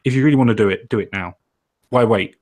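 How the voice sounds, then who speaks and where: Lowish voiced guy on a stream, blunt and emphatic. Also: fast talker, a little mellow. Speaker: stream co-host. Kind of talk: casual stream chat.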